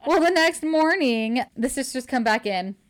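Woman, fairly high voice, chatty book recap, gushes and acts out quoted lines. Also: animated, moderate pace. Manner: gushing, retells scenes with quoted dialogue. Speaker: book reviewer. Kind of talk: casual book recap chat.

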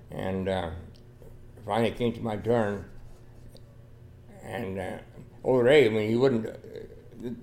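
Gravelly older man telling folksy stories. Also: on the low side, a little mellow. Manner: rambling, folksy, many restarts and "you know"s. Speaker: podcast guest, dog trialer. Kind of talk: casual storytelling interview.

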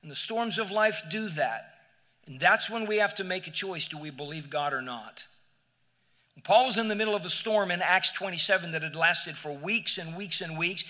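A male pastor preaching a sermon in a church, emphatic, moving from near-shouts to hushed, quiet passages. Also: high voice, moderate pace, in a large hall. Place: church sanctuary.

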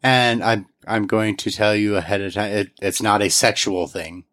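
A man's voice: fairly low pitch, fairly even intonation, normal speed, a bit bright. A man in casual chat, reading out quiz words and spelling them, in an easygoing, lightly teasing way. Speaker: quiz host among friends.

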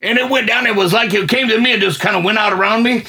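A middle-aged man telling a personal faith testimony in colloquial, excitable storytelling that swells into fervent near-shouting. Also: high voice, fast, crowd noise. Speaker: guest giving a testimony.

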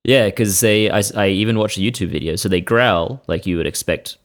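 A man's voice: on the low side, brisk. A man co-hosting a casual podcast, enthusiastically trading animal facts. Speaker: podcast co-host. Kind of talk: casual chat.

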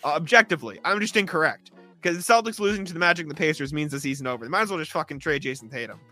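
A young man on a sports podcast, working himself into a sarcastic, exasperated rant full of throat clearing. His voice sits a little high and sounds bright. Faint music plays underneath. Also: expressive, racing. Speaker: podcast co-host.

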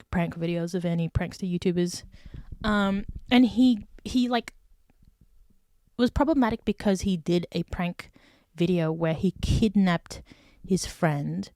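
A woman hosting a podcast on her own, telling stories in a casual chat with lots of "like" fillers and indignant, animated outbursts. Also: on the low side, no echo, clean studio sound. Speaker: podcast host.

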